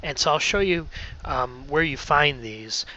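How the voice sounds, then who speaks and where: A man's voice: on the high side, a little slow, bright, forceful tone, highs cut off, a little hiss or hum. A man leading a casual training talk for radio volunteers, friendly and often checking in with "okay?".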